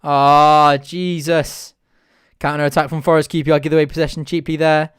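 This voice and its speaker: A young man hosting a live football watch-along, shouting at the match, swearing and groaning over his team. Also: a little high, little pitch movement, a little fast, clean tone. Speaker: fan watch-along host.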